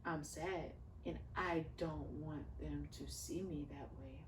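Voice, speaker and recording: This thirty-something mother, interviewed casually as a podcast guest, speaks earnestly and warmly with the cadence of a preacher. Low-pitched and fairly even in intonation, she takes it slowly, recorded from a distance amid roomy echo and faint background noise.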